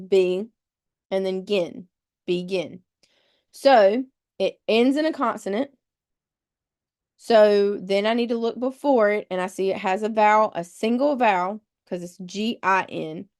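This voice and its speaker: A woman with a mid-range, somewhat dark voice teaches a live test-prep webinar. She patiently walks through the rules step by step and spells words out letter by letter.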